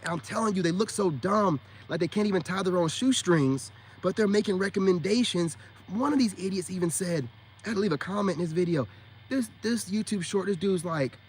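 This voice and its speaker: Emphatic ranting man, slightly high voice. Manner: emphatic, scolding, repeats himself for emphasis; slangy, calls listeners man and bro. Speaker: self-styled spiritual dating coach. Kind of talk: casual rant to camera.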